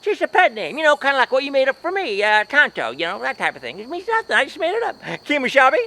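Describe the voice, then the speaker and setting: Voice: sits high, wildly swooping pitch, fast talker, pushed and bright, exaggerated voice, low-quality recording. Someone doing a cheeky teasing sidekick. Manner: teasing, giggly, drawling. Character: cheeky teasing sidekick companion, adult, sentimental. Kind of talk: homemade comedy sketch acting.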